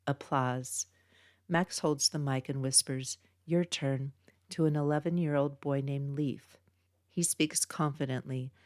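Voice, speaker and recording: Low-voiced woman reading her story. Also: fairly even intonation, measured pace, a little mellow, no room sound, clean studio sound. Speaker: author reading her book. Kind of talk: audiobook narration.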